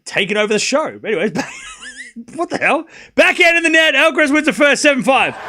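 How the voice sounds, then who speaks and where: A man's voice: extremely high pitch, sing-song, brisk, bright, forceful tone. A man commentating a tennis match live on stream, chatty and incredulous, laughing often and talking to his chat.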